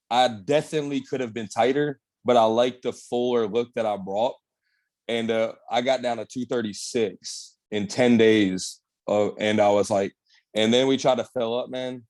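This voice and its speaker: A man's voice: medium pitch, steady tone, moderate pace, darkish tone. Young dude telling his story, chill and slangy, swears a lot, calls everyone bro. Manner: laid-back, slangy, peppers talk with "bro" and "man", swears freely. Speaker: interview guest, bodybuilder. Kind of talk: casual candid storytelling.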